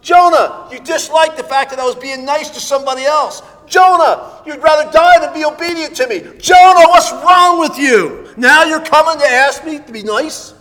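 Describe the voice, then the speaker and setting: A man voicing an exasperated God who scolds a runaway prophet, his rebuke rising to shouts. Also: very high voice, moderate pace, few pauses, long reverb tail, pitched above the performer's own voice. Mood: exasperated scolding.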